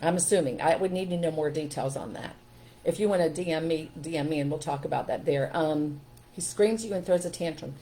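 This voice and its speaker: A woman's voice: sits low, fairly quick, slight background noise, low-quality recording. Earnest middle-aged woman parenting coach. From Pennsylvania, USA. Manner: chatty, earnest, greets viewers warmly. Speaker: parenting coach hosting a live stream. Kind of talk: casual live-stream talk.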